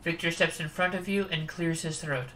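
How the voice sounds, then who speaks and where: Bright-voiced woman streaming a dating sim. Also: fairly low pitch, fairly even intonation, moderate pace, a little hiss or hum, rough recording. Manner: chatty, amused asides. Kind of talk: reading a dating sim aloud.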